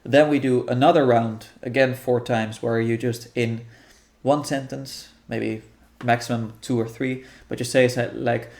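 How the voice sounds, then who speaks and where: A man calmly explaining how a guided meditation practice will go, thinking aloud with frequent restarts. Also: mid-range voice, creaky. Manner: thoughtful, halting, many restarts and fillers. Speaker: guest guiding a meditation practice. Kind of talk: explaining a practice in casual conversation.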